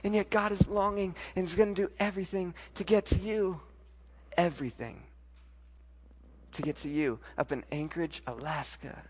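A man preaching a sermon and telling an emotional personal story, moving between loud outbursts and hushed, tearful passages. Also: high voice, moderate pace, long reverb tail. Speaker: pastor.

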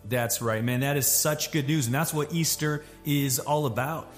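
A man's voice: mid-range voice, normal speed, faint music behind. A man, a pastor, speaking in an encouraging, earnest way in a conversational sermon.

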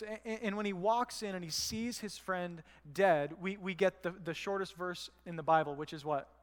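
A man with a high voice preaching a sermon as pastor. He speaks in a conversational way and asks the congregation rhetorical questions. His voice carries a long reverb from the church hall. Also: a little fast.

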